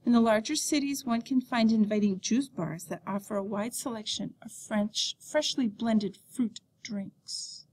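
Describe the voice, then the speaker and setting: A woman teacher reading a beginner French textbook lesson aloud, saying the French words slowly and clearly. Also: a little high, darkish tone.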